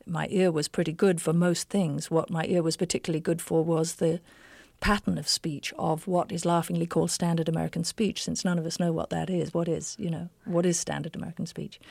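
An English stage actress answering interview questions in an articulate, emphatic, opinionated way. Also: female voice, fairly low pitch, vocal fry, darkish tone, no room sound, clean studio sound. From England.

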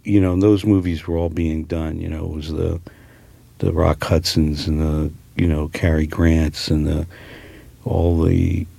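A man's voice: rumbling low, little pitch movement, measured pace, creaky, mellow, no echo. A man from New Jersey with a New Jersey accent, an actor talking casually in an interview, rambling with many fillers and restarts. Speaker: actor guest.

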